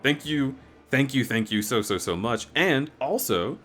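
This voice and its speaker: A man's voice: mid-range voice, expressive, a little slow, a bit bright. A man streaming a game live, chatting with viewers and thanking them in an effusive, rambling way with restarts. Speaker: variety streamer. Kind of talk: live-stream chat while gaming.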